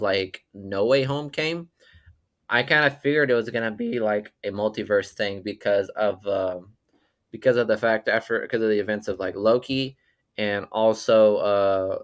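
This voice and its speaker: Low-voiced man chatting loosely, swearing. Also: moderate pace. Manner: loose, swears casually, restarts sentences. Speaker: podcast co-host. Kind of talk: casual movie podcast chat.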